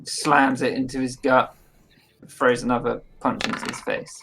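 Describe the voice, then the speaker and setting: A man's voice: medium pitch, flat delivery, moderate pace, a bit bright. A man acting as game master, casually narrating the action of a tabletop game between laughs.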